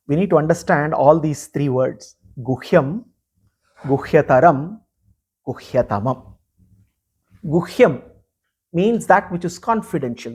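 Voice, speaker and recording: A man's voice: a little high, darkish tone, husky. Earnest man giving a spiritual discourse. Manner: earnest, emphatic, pausing often. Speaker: spiritual teacher.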